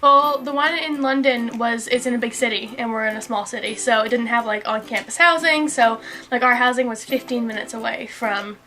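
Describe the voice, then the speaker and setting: A woman's voice: fairly high pitch, fairly even intonation, brisk, few pauses, sharp tone. A young American woman, a university student talking casually and easily, often laughing. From United States. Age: young adult. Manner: easygoing, laughs often, rambling with fillers. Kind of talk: casual chat.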